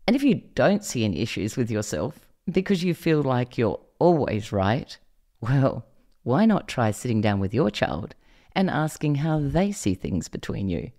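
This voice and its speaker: With a rumbling low voice and a dark tone, a middle-aged woman from Australia reads a scripted monologue expressively on her parenting podcast, putting direct questions to the listener.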